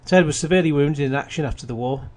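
A man's voice: on the high side, quick pace, a little mellow. A man hosting a radio film show, reading plot summaries with wry asides and frequent restarts. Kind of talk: casual radio film review.

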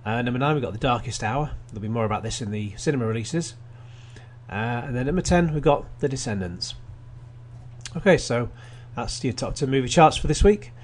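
A man's voice: mid-range voice, lively intonation, a little fast. A man hosting a radio film show, reading plot summaries with wry asides and frequent restarts. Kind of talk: casual radio film review.

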